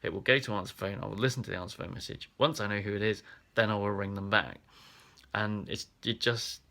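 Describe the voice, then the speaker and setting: A man's voice: on the low side, fairly even intonation, fairly quick, gravelly, pushed and bright. A man from England's Black Country talking through a casual, self-reflective vlog, rambling and hesitant with frequent ums and restarts. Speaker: vlogger.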